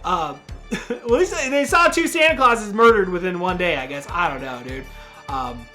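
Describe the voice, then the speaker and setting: A man hosting a podcast, casually recapping a horror movie in a rambling, profane way, full of "dude" and quick acted-out quotes. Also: sits high, expressive, bright, forceful tone, faint music behind. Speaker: podcast host reviewing a horror film.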